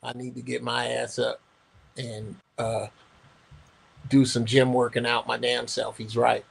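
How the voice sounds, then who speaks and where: A man's voice: mid-range voice, flat delivery, a little slow, vocal fry, husky. A man on a livestream panel talking hesitantly with many restarts. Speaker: panel guest. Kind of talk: casual livestream panel chat.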